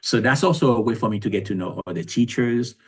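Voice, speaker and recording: A man's voice: mid-range voice, fast talker, husky. A man in his sixties from Haiti, telling his life story in a reflective, conversational way as an interview guest. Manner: reflective, conversational, with frequent restarts.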